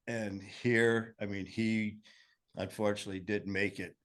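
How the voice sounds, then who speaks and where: A man's voice: lowish voice, little pitch movement, unhurried. A man with a Michigan accent telling his recovery story in casual conversation, earnest and meandering with many fillers.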